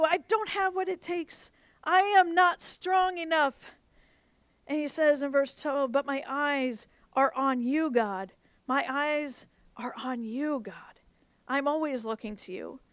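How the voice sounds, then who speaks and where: A woman pastor preaching a sermon, earnest, moving between soft, intense passages and emphatic rises. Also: high-pitched, dry recording.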